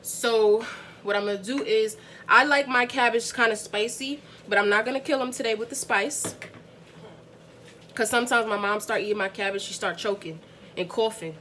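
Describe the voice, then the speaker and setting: A woman's voice: on the high side, normal speed, a bit bright, a little hiss or hum. A young woman from the Bronx, chatting casually to viewers as she cooks dinner in her home kitchen, laughing often. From the Bronx, New York. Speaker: family vlogger cooking dinner. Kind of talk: casual cooking vlog chat.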